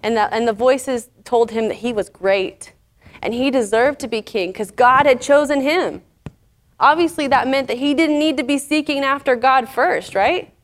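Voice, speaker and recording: A woman teaching a casual Bible lesson, paraphrasing the story in a chatty way with fillers. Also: mid-range voice.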